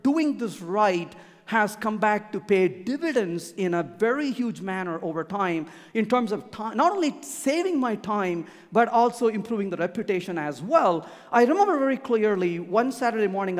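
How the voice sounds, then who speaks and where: A conference speaker delivers a keynote in a large lecture hall, and a long reverb hangs after each phrase. The voice sits at a middle pitch but swings widely in melody. Key points are stressed and then repeated for emphasis. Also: sing-song, moderate pace.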